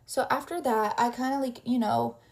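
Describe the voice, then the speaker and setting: A woman's voice: on the high side, steady tone, normal speed, a little mellow. A young adult woman casually telling a story while getting ready, rambling and packing her talk with "like" fillers.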